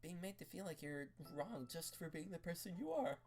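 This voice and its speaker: A woman voicing a soft-spoken, caring teenage girl who gently draws out her friend in a read-aloud fan story. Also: on the low side, animated, moderate pace, soft background music. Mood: gentle.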